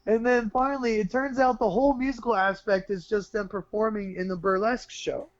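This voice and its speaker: A high-voiced man tells a movie plot to his podcast co-host in a loose, profane, animated way, laughing as he goes. His voice is fairly high for a man. The sound is dry and dull, like a lo-fi mic with no room in it. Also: fairly quick, few pauses, dry recording. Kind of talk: casual chat.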